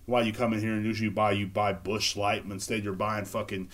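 A man's voice: on the low side, level tone, brisk. A man hosting a casual solo podcast, rambling and cracking crude jokes into a recorder. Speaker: podcast host. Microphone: handheld recorder.

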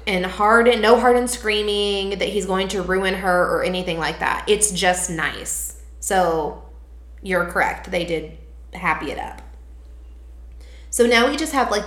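A woman's voice: lowish voice, a bit bright, echoey room. A woman in her thirties co-hosting a podcast in casual chat, gushing and laughing often. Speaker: podcast co-host.

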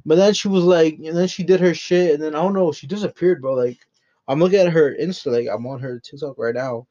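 A man's voice: fairly high pitch, brisk, dark tone. A man hosting his first podcast, talking loosely and off the cuff, rambling with lots of swearing and jokes. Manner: rambling, profane and joking. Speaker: podcast host. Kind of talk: unscripted solo podcast chat. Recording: dull lo-fi recording.

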